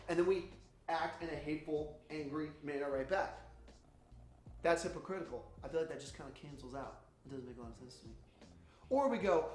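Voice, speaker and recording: A man preaching a sermon series intro, animated and loud when he acts out his own reactions. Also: fairly high pitch, fast talker, reverberant.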